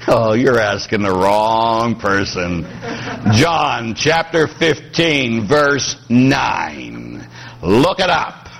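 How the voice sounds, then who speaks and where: A man's voice: medium pitch, extremely slow, vocal fry. A middle-aged man from Pittsburgh, a priest preaching a sermon with jokes, acting out quoted voices. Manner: animated, joking, acts out quoted voices.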